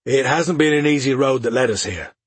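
A weary ranger speaking quietly and seriously, as a male narrator reads him, close to the narrator's own husky voice. The sound is dry and close. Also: medium pitch, animated, fairly quick, no echo.

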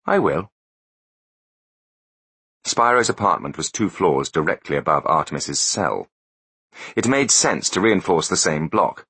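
A man narrating an audiobook with expressive storytelling delivery. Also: low voice, normal speed, husky, no room sound. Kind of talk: scripted narration.

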